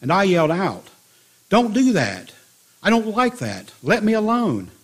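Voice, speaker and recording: A man voicing a frightened talking teacup that cries out and pleads, in a husky voice. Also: mid-range voice, very animated, measured pace. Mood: protesting. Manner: pleading, crying out.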